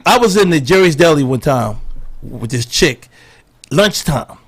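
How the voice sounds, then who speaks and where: A middle-aged man and comedian guest, telling animated stories and acting out the quotes in casual podcast banter. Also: fairly high pitch, measured pace, creaky, slight background noise. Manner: animated storyteller, acts out quotes. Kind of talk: storytelling banter.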